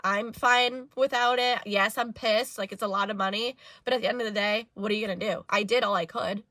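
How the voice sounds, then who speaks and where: A young woman vents straight into her camera, exasperated and animated, dropping fillers as she goes. Her voice is bright and forceful, recorded close and dry with no room sound. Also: mid-range voice, brisk, dry recording. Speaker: vlogger. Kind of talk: personal rant to camera.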